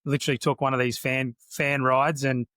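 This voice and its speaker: A man's voice: mid-range voice, flat delivery, a little fast, sharp tone, dry recording, studio quality. An Australian man with an Australian accent, a guest chatting easily and laughing often. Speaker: guest, former soldier. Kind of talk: casual interview chat.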